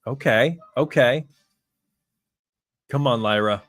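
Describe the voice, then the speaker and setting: A man reacting live to a wrestling show, chatting to viewers and calling the action play by play like an excitable fan. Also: medium pitch, slow, no echo.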